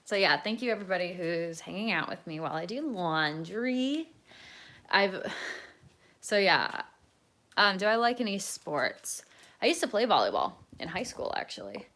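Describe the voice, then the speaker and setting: A woman's voice: mid-range voice, big pitch swings, moderate pace, a bit bright. A young woman chatting casually on a home live stream, rambling while she eats and moves around the house. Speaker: vlogger. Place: home, indoors, moving around.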